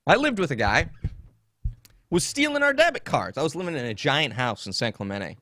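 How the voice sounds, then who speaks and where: A man's voice: fairly high pitch, sing-song, brisk, sharp tone, no echo, clean studio sound. A man hosting a podcast, telling a story in a casual, comedic way, indignant and swearing freely. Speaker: podcast host.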